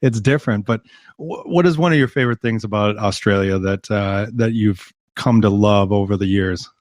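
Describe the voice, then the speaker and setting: A man's voice: lowish voice, normal speed, a little mellow, no echo, clean studio sound. An American man hosting a podcast interview, enthusiastic, laughing often and stumbling over repeated words. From United States. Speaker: podcast host. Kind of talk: casual interview.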